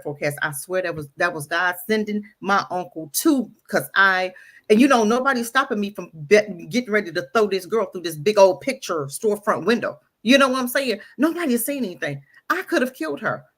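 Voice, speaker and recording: Guest, woman, middle-aged, breathy voice, mid pitch, candid storyteller who hammers her points home. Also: a bit bright. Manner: emphatic, preachy, repeats phrases for stress. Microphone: audio-only radio show recording.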